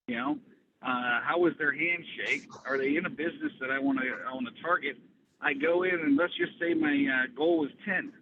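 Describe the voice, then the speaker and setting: A man coaching on a group call, talking in an animated, conversational way. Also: fairly high pitch. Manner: animated, conversational, acts out dialogue. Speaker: business coach. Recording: tinny phone-like line, faint hiss.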